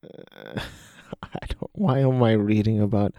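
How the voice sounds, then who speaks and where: Slow, mellow-voiced man reviewing a movie. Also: on the low side, big pitch swings, vocal fry, no echo. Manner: rambling, hesitant, with many restarts and fillers. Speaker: podcast host. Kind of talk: casual solo movie review.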